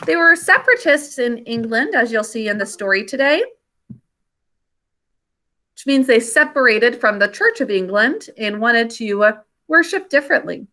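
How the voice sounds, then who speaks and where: A woman's voice: a little high, animated, unhurried, pushed and bright. A woman teacher leading an online phonics lesson over a video call, patiently spelling words out sound by sound. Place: remote class on a video call.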